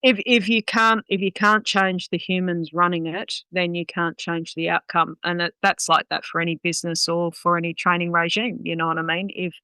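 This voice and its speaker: A woman's voice: fairly low pitch, flat delivery, moderate pace, few pauses, sharp tone, clean tone, dry recording, low-quality recording. A woman, a guest dog trainer talking bluntly and swearing freely in a casual podcast chat. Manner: blunt, sweary, talks with many "um"s.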